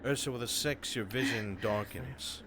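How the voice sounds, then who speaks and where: Intense hushed game-master narrator, man. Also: fairly low pitch, normal speed. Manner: intense, building, often hushed. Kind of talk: dramatic second-person narration of a roleplay.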